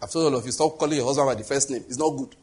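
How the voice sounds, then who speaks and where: Husky-voiced man preaching a sermon. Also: mid-range voice, rapid-fire, a little mellow. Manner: conversational preaching, rhetorical questions. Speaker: pastor.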